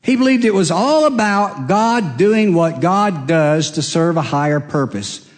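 Earnest man preaching with dramatic hushes. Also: lively intonation, a little slow. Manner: emphatic, rising high then dropping to near-hush; earnest and confessional. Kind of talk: sermon.

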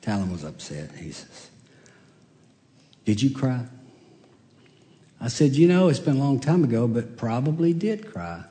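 With huge pitch swings in a warm, medium-pitched voice, an older pastor talks briskly and hardly pauses. He's giving a sermon of folksy storytelling, sharing homespun jokes and family stories and chuckling at the punchlines. Long church-hall reverb colors the recording.

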